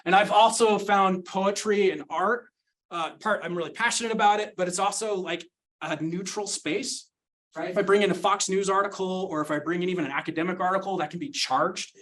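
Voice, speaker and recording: Earnest guy, middle-aged, kinda high voice, thoughtful teacher talk at a conference. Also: a bit bright, poor audio. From Utah, United States. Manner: earnest and reflective. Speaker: university sociology teacher. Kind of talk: conference presentation. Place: conference breakout room.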